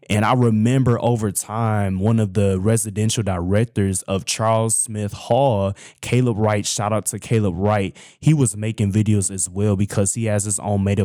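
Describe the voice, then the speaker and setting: A man's voice: fairly low pitch, mellow, no echo, studio quality. A young man hosting his own show, chatting about his college days in a casual, talkative way and addressing listeners as "y'all". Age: young adult. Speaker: host. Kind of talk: casual personal storytelling.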